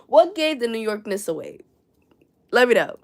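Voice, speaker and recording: Young woman with a New York accent, a rambling, swearing livestream host, pitched a bit high. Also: sing-song, unhurried. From New York City. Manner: chatty and rambling, swears, reads viewer comments aloud. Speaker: crochet livestreamer. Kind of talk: casual livestream chat. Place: her room at home.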